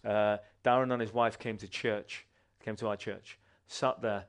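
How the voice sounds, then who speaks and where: Man telling a lively testimony. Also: lowish voice, unhurried, clear, resonant tone. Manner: animated, conversational storytelling with restarts. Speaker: church member giving testimony. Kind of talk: personal testimony storytelling.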